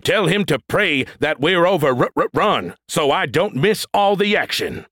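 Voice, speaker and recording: A man's voice: medium pitch, big pitch swings, a little slow, fairly bright tone, no room sound, clean studio sound, pitched above the performer's own voice. A man voicing a boastful, sulky male combat robot who stutters as he glitches, in an audiobook. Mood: indignant. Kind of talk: audiobook character voice.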